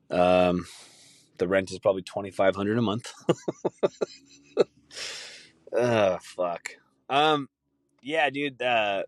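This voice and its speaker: A man with a lowish voice hosts a podcast, talking in a loose, rambling solo rant. He swears constantly and breaks into laughter, and the sound is dry and close. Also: dry recording. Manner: rambling, profane, laughing often. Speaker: podcast host.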